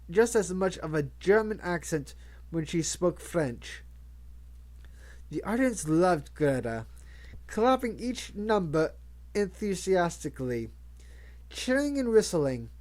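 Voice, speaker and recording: A reader narrating a novel aloud in a measured way, with occasional stumbles and restarts. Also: mid-range voice, darkish tone. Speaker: audiobook reader. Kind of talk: audiobook narration.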